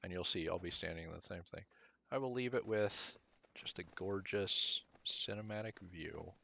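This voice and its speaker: A man streaming a game, chatting casually and rambling as he thinks out loud. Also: low voice, normal speed, creaky. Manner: mutters at the game.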